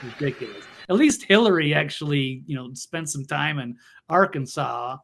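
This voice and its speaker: A slightly high-pitched man with a gravelly, fry-filled voice hosts a political talk show. He comments bluntly and mockingly, often restarting his sentences. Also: lively intonation, normal speed, fairly bright tone, a little hiss or hum. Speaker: show host.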